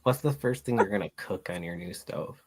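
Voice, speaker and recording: A woman in a casual podcast chat who talks in a slow, drawn-out way. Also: extremely low pitch, darkish tone.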